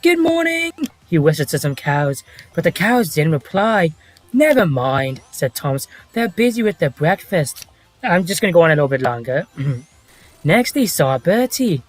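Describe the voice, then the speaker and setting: A man doing an impression of a storybook train narrator, lilting and rising into high character lines. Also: very animated, normal speed. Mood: storytelling.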